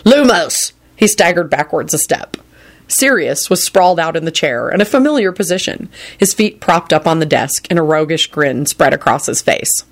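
A reader narrating a story aloud in an expressive storytelling manner. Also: medium pitch, normal speed. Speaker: audiobook reader. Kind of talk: fan fiction audiobook narration.

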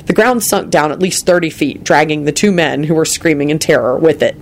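Expressive storybook narrator, gravelly voice. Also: mid-range voice, a little fast, a little hiss or hum. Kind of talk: reading fan fiction aloud.

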